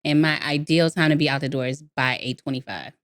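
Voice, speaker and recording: A young woman with a somewhat low voice talks in a relaxed, animated way. She acts out little scenes as she speaks in a casual podcast conversation. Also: fairly quick. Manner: animated, acts out her daughter's voice. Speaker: podcast co-host. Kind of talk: casual chat.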